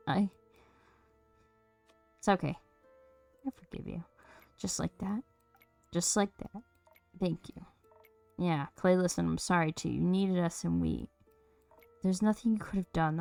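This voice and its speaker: A woman with a lowish voice and vocal fry streams a narrative game, reading every character's lines herself. She switches between character voices in a lively, playful way.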